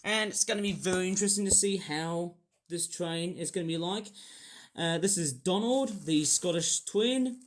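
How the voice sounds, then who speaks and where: A man's voice: sits high, normal speed. A young man chatting casually through a toy review, rambling and self-deprecating with plenty of fillers and restarts.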